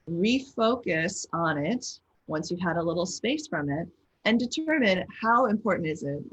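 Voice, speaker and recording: Casting: woman parenting coach, low and breathy, encouraging, keeps checking in with listeners. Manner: encouraging, guides listeners through exercises; frequent checking "okay?" and "right?". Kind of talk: live online coaching talk.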